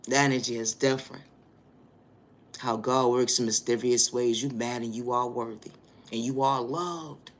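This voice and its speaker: A man giving a preachy spiritual motivational monologue, repeating stock phrases and building to loud, emphatic bursts. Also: medium pitch, steady tone, moderate pace. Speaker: spiritual reader.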